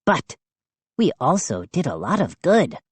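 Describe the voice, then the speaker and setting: A woman voicing a small, pleading male lawn gnome with a raspy voice, speaking slowly and earnestly. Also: sits low, very animated, no echo, heavily acted.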